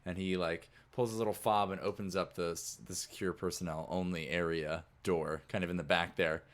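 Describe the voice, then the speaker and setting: Man, game master, casual rambling narration, lowish voice. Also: steady tone, brisk, fairly bright tone. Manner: casual, filler-heavy narration.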